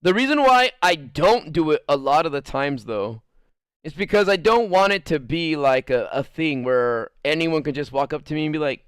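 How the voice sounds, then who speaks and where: Man, streamer, casual rambling stories, profane, fairly high voice, dry close sound. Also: animated, normal speed, a bit bright, smooth, dry recording. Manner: rambling, profane, acts out quotes in jumping voices. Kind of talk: casual storytelling to live chat.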